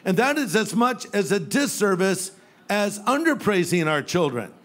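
A man's voice: sits high, very animated, normal speed, fairly bright tone. An older man, a pastor, delivering a sermon with humorous storytelling and playful quoted voices. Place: church sanctuary with live audience.

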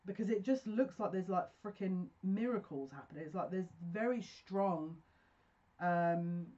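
A woman's voice: fairly low pitch, expressive, moderate pace, dark tone, highs cut off. A woman giving a pick-a-card tarot reading, effusive and emotional, talking in bursts with restarts.

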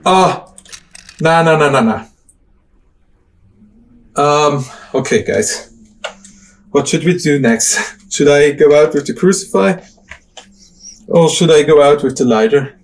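A man's voice: fairly high pitch, slow, long pauses, distant mic. Scared young man swearing through a horror game. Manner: frightened, swearing, exclaiming. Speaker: gaming streamer. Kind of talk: casual gameplay commentary.

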